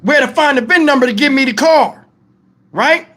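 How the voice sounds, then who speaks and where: A man's voice: very high voice, lively intonation, normal speed, bright, forceful tone. A middle-aged man tells a story straight to his viewers. He speaks in a heated, profane and emphatic way. It is an angry vlog storytime rant. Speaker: vlogger.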